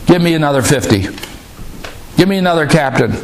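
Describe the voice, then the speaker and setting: A man's voice: on the high side, animated, a little fast, a little hiss or hum. A man preaching plays a corrupt king who brushes off bad news and barks orders. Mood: scornful. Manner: scoffing, dismissive orders. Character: impatient corrupt male king.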